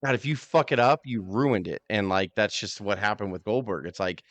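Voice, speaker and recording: A man co-hosting a casual podcast chat, animated and opinionated, cursing freely as he argues his points. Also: fairly low pitch, fairly quick, no echo. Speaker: podcast co-host.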